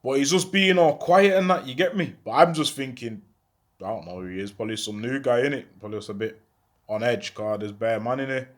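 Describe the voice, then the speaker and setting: A man's voice: medium pitch, a little fast. A man telling a story in casual street slang, acting out the dialogue and often checking in with the listener. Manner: animated, acts out dialogue.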